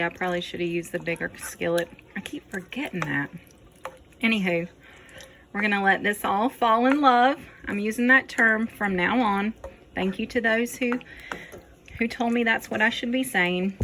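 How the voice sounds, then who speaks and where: A woman's voice: medium pitch, bright, forceful tone. Chatty woman cooking at home. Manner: chatty, folksy, jokes with herself. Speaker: home cooking video host. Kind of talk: casual cooking vlog chat. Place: home kitchen at the stove. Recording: noisy kitchen with frying sizzle. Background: frying and sizzling food.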